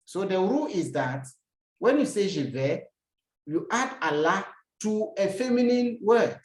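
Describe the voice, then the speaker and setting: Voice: mid-range voice, big pitch swings, measured pace. Teacher drilling examples in a roomy space. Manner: repeats each example and translates it, with rhetorical questions to the learner. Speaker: language teacher. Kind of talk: recorded lesson. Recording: roomy echo.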